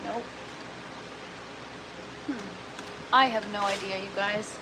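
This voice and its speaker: Speaking slowly in a steady, mid-range voice, a Canadian woman chats casually with viewers on a gardening livestream from an indoor grow tent. She sounds tired from lack of sleep, mocks herself and laughs often, with background noise audible.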